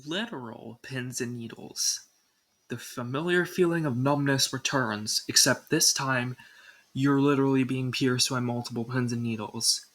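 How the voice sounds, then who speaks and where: Young woman, video narrator. Scripted ranking read, casual with dry asides, husky edge. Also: a bass voice, unhurried, poor audio. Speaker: video creator.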